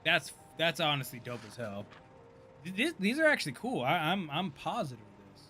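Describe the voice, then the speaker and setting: A man in his thirties giving casual, profane live-stream commentary, chatty and quick to laugh. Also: on the high side, sing-song, pushed and bright, slight background noise. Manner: loose, profane, laughs often, chatty asides.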